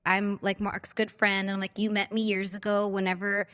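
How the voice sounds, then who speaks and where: A woman's voice: medium pitch, flat delivery, brisk, a bit bright. A woman from California's San Fernando Valley hosting a casual chat, telling stories in a bubbly way with constant "like"s and acted-out voices. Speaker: podcast host.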